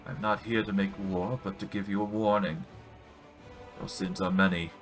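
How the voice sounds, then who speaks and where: A man's voice: deep voice, fairly even intonation, faint music behind, close to an everyday voice. A man reading a solemn death priestess. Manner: solemn, measured. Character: calm stern woman priestess of death.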